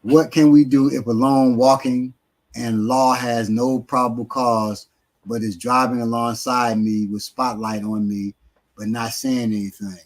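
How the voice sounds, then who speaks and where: A man's voice: medium pitch, flat delivery, measured pace, rough recording. A man teaching martial arts on a casual live stream, answering questions in a blunt, streetwise way, sometimes swearing and often using fillers.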